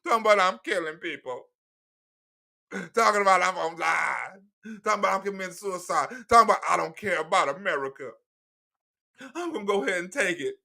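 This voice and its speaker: A man's voice: sits high, animated, fairly quick, vocal fry, long pauses, pushed and bright. A man doing comedic live commentary in a profane, mocking rant. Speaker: livestream commentator.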